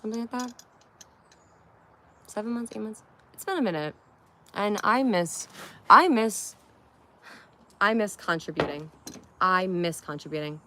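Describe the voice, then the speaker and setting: A woman's voice: medium pitch, a little slow, pauses often, bright, forceful tone, slight background noise. A young woman chatting casually on a live stream, rambling, giggling and swearing now and then.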